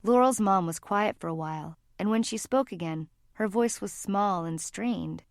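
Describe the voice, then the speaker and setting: In calm, even storytelling, a woman narrates an audiobook from a script. Her voice sits at medium pitch and moves at a moderate pace, captured as clean studio sound with no room noise.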